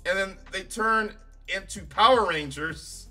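A man's voice: sits high, animated, normal speed, sharp tone. A man giving a casual reaction review of a show, profane, sarcastic and exasperated. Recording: faint music behind.

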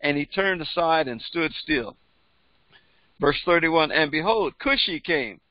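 A man's voice: on the high side, lively intonation, measured pace, no room sound, dull audio. A pastor reading scripture aloud and then explaining it in plain conversational speech, often repeating words as he goes. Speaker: pastor and Bible teacher.

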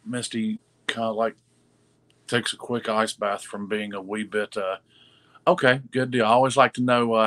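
A man co-hosting a live sales stream in a casual, halting way, full of fillers, greeting viewers by name. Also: fairly low pitch, fairly bright tone. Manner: halting, many fillers and restarts. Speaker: livestream co-host reading viewer comments.

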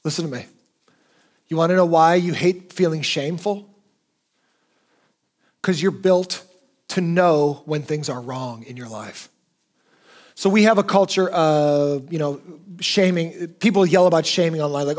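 A man's voice: sits high, moderate pace. A male pastor preaching a sermon in a conversational, emphatic way.

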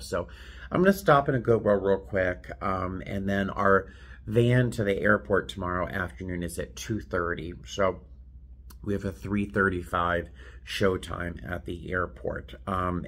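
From a hotel room, a flight attendant vlogger with a deep, slightly bright voice chats to the camera. His casual talk is rambling and self-deprecating.

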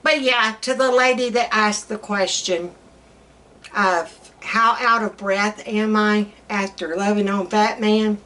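A woman's voice: mid-range voice, fairly even intonation, takes it slowly, fairly bright tone. A middle-aged woman, chatting casually and telling teasing, laughing stories as a co-host. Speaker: channel co-host. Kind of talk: casual chat.

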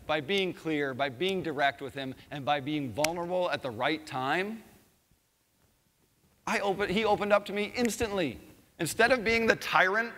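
A man's voice: on the high side, sharp tone, a little hiss or hum. A man giving a casual storytelling talk at a conference, swearing freely and rambling with lots of "like.". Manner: profane, rambling with many "like"s. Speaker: conference speaker. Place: large conference hall with a live audience. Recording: reverberant hall sound.

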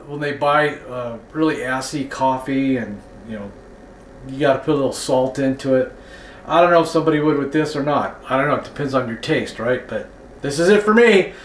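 Easygoing, enthusiastic man, slightly higher voice, roomy echo. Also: a bit bright. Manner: easygoing, enthusiastic, tag questions like "right?". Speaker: vlogger. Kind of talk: casual vlog chat. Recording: echoey room.

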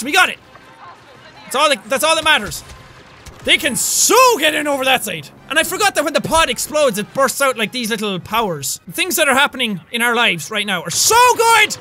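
Young male gamer, very high bright voice, excitable, swears a lot, yells at his foes. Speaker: gaming channel host. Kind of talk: gameplay commentary.

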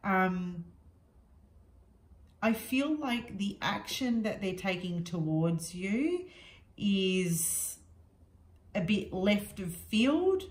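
Slow, unhurried woman reading tarot. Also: medium pitch, echoey room, low-quality recording. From Australia. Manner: unhurried, reassuring, frank, with many fillers. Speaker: tarot reader.

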